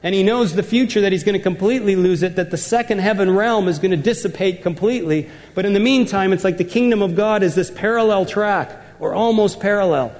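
A man delivers a sermon in a notably high voice, emphatic and repeating words for effect. His voice carries a long reverb, as if filling a large church hall. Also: brisk, few pauses, darkish tone. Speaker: pastor.

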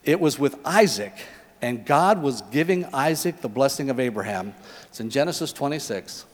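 A middle-aged man preaching a sermon in a lively, conversational way, asking his listeners questions. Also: mid-range voice, moderate pace, big-room sound. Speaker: pastor.

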